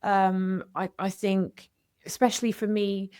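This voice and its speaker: A woman's voice: medium pitch, flat delivery, unhurried, mellow, clean tone. Woman, middle-aged, candid podcast guest, earnest, reflective. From United Kingdom. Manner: earnest, reflective, self-interrupting with restarts. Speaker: podcast guest, widow coach.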